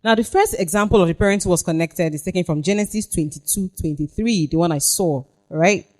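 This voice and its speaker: A woman's voice: fairly low pitch, a little fast, a little mellow. Woman teaching parents, emphatic. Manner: emphatic, asks the audience questions, reads scripture aloud. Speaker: parenting workshop speaker. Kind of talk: workshop teaching with Bible reading.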